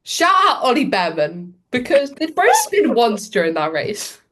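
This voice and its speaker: A woman's voice: on the high side, sing-song, unhurried, background noise. A young woman co-hosting a casual podcast, joking and teasing. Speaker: podcast co-host. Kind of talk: casual chat.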